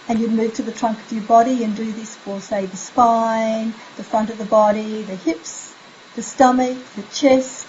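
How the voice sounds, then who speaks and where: Woman, parenting coach, higher voice, gentle soothing delivery, slightly muffled recording. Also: fairly even intonation. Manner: drops to a soft, slow, sleepy voice when modeling bedtime phrases. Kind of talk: instructional parenting tips. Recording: slightly dull recording with faint hiss.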